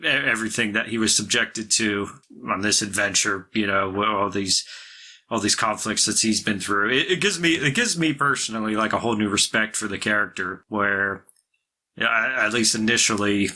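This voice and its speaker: A man's voice: fairly low pitch, moderate pace, sharp tone. A man co-hosting a podcast, chatting casually and rambling with lots of restarts and fillers. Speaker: podcast co-host. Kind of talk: casual chat.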